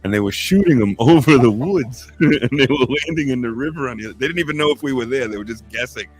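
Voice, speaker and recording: A man's voice: mid-range voice, fast talker, faint music behind. A man co-hosting a casual podcast, telling a funny story with frequent laughter. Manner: animated storyteller, laughs often. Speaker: podcast co-host.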